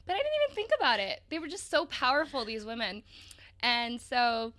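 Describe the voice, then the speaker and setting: A young woman co-hosting a podcast tells her story with lively, emotional energy. Her voice is bright and a little high, and she drops casual swear words as she goes. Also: fairly quick. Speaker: podcast co-host.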